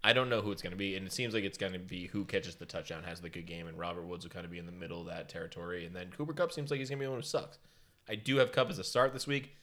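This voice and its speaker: A man co-hosting a casual fantasy football chat, excitable and self-mocking. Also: low voice, racing. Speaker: podcast co-host.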